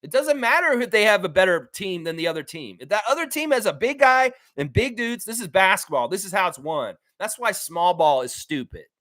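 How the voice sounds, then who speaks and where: A male sports streamer reacts live to his chat, blunt and animated, swearing freely and repeating himself to hammer points home as his pitch jumps up and down. His voice is fairly high for a man, fairly quick, with hardly any pauses. The sound is close and dry, with no room echo.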